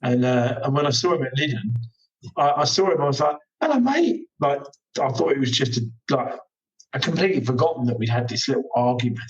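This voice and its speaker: A man's voice: mid-range voice, quick pace, recorded from a distance, lo-fi sound. Man telling stories, a bit off mic. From England. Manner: animated storyteller, acts out quoted exchanges. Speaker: podcast guest, motorcycle racer. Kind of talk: casual chat.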